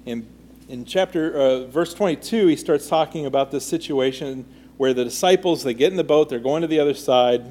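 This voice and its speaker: A man's voice: medium pitch, a little fast, a little mellow. A man teaching a Bible study in a conversational way, reading scripture aloud and then asking the group questions.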